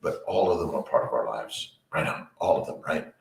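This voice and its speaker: A man hosting a casual morning livestream from his home basement office, rambling and greeting viewers by name while keeping his voice low on a headset. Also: expressive, fairly quick, creaky, echoey room, recorded from a distance. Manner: works to keep his voice low and quiet.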